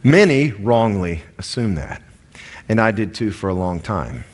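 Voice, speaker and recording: Southern american guy preaching, pretty lively up and down voice, chatty about it. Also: fairly low pitch, measured pace. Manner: animated, conversational preaching with asides. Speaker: pastor. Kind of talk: sermon.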